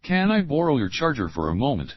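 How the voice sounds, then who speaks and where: A man's voice: medium pitch, wildly swooping pitch, no echo, highs cut off. A man reading example questions one by one for English learners, saying the opening words and then the whole question. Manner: slow, clear drill reading, repeating each opening phrase. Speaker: English teacher.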